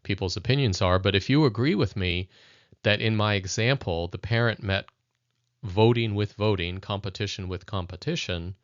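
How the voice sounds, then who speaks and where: Low-voiced male educator, reflective and direct with viewers, on a dull, dry lo-fi recording. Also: moderate pace, no room sound. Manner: thoughtful, addresses viewers directly. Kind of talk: conversational video lesson.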